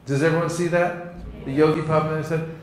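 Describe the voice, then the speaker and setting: A man teaching a seminar, acting out sample conversations in a lively way and laughing often. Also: fairly high pitch, quick pace. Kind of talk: teaching with acted-out demonstrations. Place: seminar room with an audience. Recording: roomy hall echo, faint noise.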